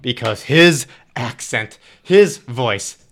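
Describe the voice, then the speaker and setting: A man with a middle-pitched voice chats casually on a podcast. He rambles with restarts and drops dry jokes. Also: expressive, slow, a bit bright. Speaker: podcast co-host. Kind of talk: casual chat reviewing a reality show.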